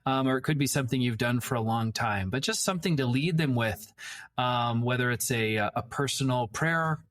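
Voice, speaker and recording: A man hosting a faith podcast, reflecting warmly on a guest's story before moving to his closing question. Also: medium pitch, normal speed. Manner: reflective, affirming. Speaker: podcast host. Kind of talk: casual interview chat.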